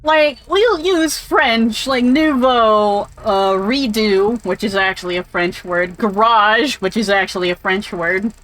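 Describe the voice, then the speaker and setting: A woman's voice: mid-range voice, slow pace, hardly any pauses, fairly bright tone, rough recording. A woman giving casual, rambling gameplay commentary, chatty and opinionated, drifting off into tangents and swearing offhandedly. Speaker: game streamer.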